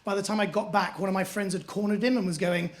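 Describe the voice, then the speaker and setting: A man's voice: high-pitched, steady tone, fast. A man doing a stand-up comedy set on a club stage, telling self-mocking stories in a posh manner. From England. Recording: live club with audience noise.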